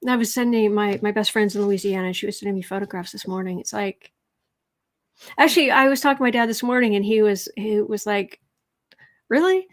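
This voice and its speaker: A woman's voice: mid-range voice, steady tone, quick pace. A woman with a Southern accent hosting a casual tarot livestream, chatting with viewers, reading out their comments and dropping sarcastic asides. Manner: chatty, sarcastic asides, drops to soft murmurs while shuffling. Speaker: tarot reader and livestream host.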